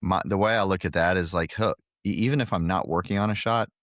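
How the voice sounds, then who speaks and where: A middle-aged man with a very low, deep voice, chatting easily as a podcast guest and poking fun at himself. He grew up in Guatemala. His voice sits close and dry, with no room sound. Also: fast, fairly bright tone, no room sound. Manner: jokey, self-deprecating storyteller. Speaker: podcast guest, pickleball club owner. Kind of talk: casual interview chat.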